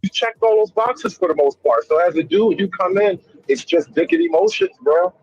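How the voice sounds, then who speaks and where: A man in a heated panel debate, husky and insistent, his pitch leaping around as he presses his case. The line is dull and lo-fi, recorded dry and close. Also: normal speed. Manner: animated, insistent, lectures the other side. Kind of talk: debate on a talk show.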